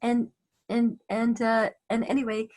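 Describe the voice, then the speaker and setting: A woman casually telling a story, animated, with many restarts, acting out the voices of the people in it. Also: a little high, measured pace.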